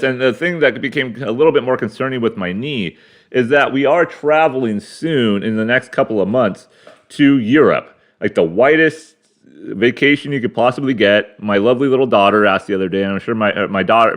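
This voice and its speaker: A man's voice: mid-range voice, fairly quick, fairly bright tone. A man in his forties from the United States, hosting a rambling, crude solo monologue full of fillers and restarts. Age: 40s. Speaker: podcast host. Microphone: camera mic.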